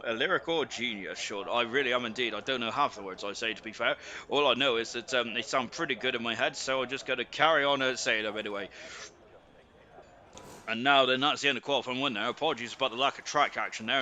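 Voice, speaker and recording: A man's voice: mid-range voice, bright, forceful tone, a little hiss or hum. A British man commentating a sim racing league live, rambling with lots of fillers and joking about himself. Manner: rambling, filler-heavy, self-deprecating banter. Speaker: esports race commentator.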